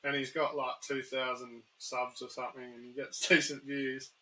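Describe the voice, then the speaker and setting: Bright-voiced laid-back Australian man. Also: mid-range voice, level tone, moderate pace, slight background noise, rough recording. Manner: laid-back, rambling, frequent swearing. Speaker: guest YouTuber. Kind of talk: casual chat.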